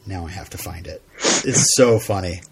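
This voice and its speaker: A man co-hosting a podcast, casually recapping a TV episode in a rambling, halting way full of fillers. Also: low voice, husky. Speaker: podcast co-host.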